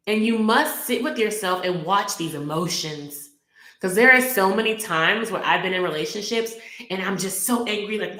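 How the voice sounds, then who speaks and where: Woman host, bright clear voice, earnest relationship coaching, echoey room. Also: medium pitch. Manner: earnest, coaching, repeats key phrases. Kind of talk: casual talk to camera.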